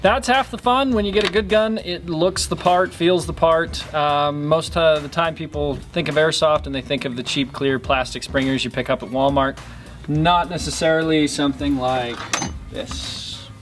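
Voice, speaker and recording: A man talking up his airsoft store with eager, salesy energy and a few "uh" fillers. His voice sits a bit high, over faint background music. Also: moderate pace. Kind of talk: enthusiastic product talk.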